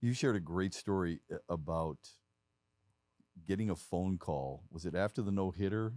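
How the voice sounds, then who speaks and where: A man hosting a live podcast interview, asking questions in halting, restarting phrases. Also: sits low, darkish tone, no echo. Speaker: podcast host.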